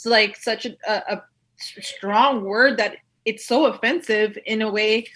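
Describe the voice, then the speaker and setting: A woman's voice: a little high, measured pace, a bit bright. A woman guest on a podcast, chatting casually and filling her speech with "like" and "you know.". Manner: chatty, full of "like" fillers. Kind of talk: casual conversation.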